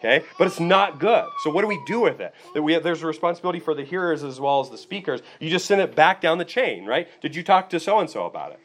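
A man's voice: on the high side, expressive, fast, hardly any pauses, a little hiss or hum. Conversational man preaching a sermon. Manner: conversational preaching with frequent "okay" and "right" checks. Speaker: pastor.

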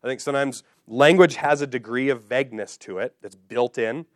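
A man's voice: mid-range voice, brisk, no room sound, studio quality. A male pastor preaching a teaching sermon, emphatic and repeating key phrases so they stick.

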